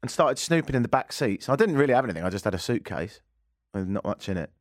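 This English-accented man hosts a radio show, chatting casually with self-deprecating humor. His medium-pitched voice swings widely as he talks fast, and the studio mic captures clean sound with no echo.

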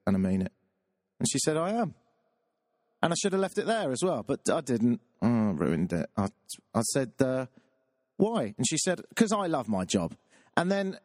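A man's voice: medium pitch, a little mellow, no room sound, clean studio sound. A man, a talk radio DJ telling a self-deprecating, rambling story on air. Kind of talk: confessional radio monologue.

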